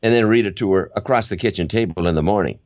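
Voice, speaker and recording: An older man talks with a deep, low voice in a casual interview. He keeps telling stories and slips into little acted examples. The sound is dry and a bit dull, like a lo-fi recording. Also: quick pace, no room sound. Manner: animated storyteller, acts out examples. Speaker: guest, voiceover veteran.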